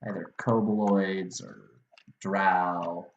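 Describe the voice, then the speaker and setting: A man's voice: low-pitched, fairly even intonation, very slow, reverberant, dull audio, a little hiss or hum. A man casually explaining tabletop game rules as a dungeon master, laughing often. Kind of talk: casual chat.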